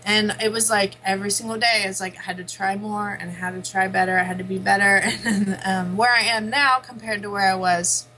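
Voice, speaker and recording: A woman's voice: mid-range voice, fairly even intonation, fairly quick, few pauses, poor audio. A woman guest and parent talking candidly in a conversation, often breaking into small laughs. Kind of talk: personal storytelling in conversation.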